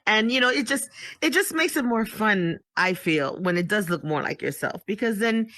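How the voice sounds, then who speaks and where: A woman's voice: mid-range voice, lively intonation, normal speed, bright, forceful tone, no room sound, studio quality. A middle-aged woman chatting casually as a guest, full of "you know" fillers. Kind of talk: casual chat.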